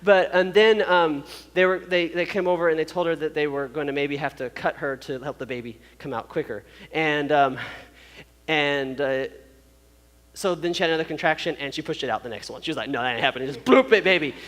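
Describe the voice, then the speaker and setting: A man's voice: on the high side, steady tone, brisk, fairly bright tone, in a large hall. A man telling a personal story to an audience, acting out sounds and quoted voices, with many fillers.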